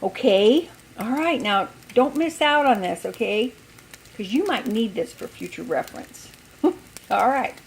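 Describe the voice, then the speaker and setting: A woman's voice: a little high, animated, measured pace, a little hiss or hum. Older lady showing how she cooks, folksy and chatty, pan sizzling faintly behind. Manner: chatty, folksy, self-deprecating, laughs often. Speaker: home cook. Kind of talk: casual cooking demonstration. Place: home kitchen.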